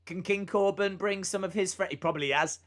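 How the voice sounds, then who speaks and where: A man's voice: high voice, a little fast, fairly bright tone. A man hosting a live reaction stream, chatting casually and rambling with fillers and asides between moments of commentary.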